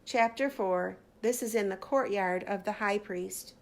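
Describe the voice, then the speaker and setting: A woman teacher reading a children's Bible story aloud with slow, deliberate drama. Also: mid-range voice, steady tone.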